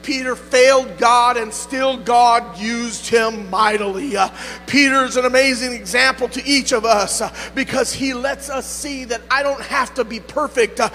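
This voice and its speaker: A pastor preaches in a lofty, bright tenor, calling on his congregation to answer him and climbing into fervent shouts. His voice rings out with a long reverb through a church sanctuary, with faint music playing beneath. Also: extremely high pitch, moderate pace. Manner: call-and-response preaching, building to shouts. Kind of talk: sermon.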